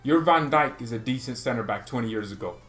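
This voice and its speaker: A man's voice: mid-range voice, lively intonation, quick pace, a bit bright. A man hosting a football fan channel, ranting in an exasperated, sarcastic and mocking way. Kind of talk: ranting commentary to camera.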